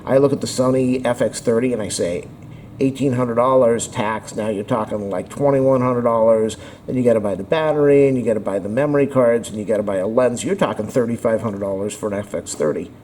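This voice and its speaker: A man's voice: mid-range voice, brisk, a little mellow, slight background noise. A man vlogging a camera review as a blunt, sarcastic rant, rambling, restarting, and joking along the way. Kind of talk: casual opinionated rant.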